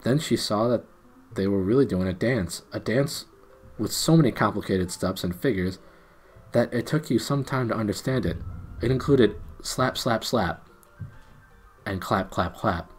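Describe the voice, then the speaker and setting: A man's voice: on the low side, unhurried, soft background music. A man reading a children's novel aloud on a livestream in a casual way, with stumbles and asides. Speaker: reader.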